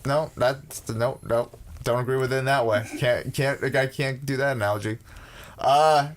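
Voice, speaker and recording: A man's voice: mid-range voice, steady tone, normal speed. A man co-hosting a podcast in a loose group chat, crude and joking, talking over the others. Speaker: podcast co-host.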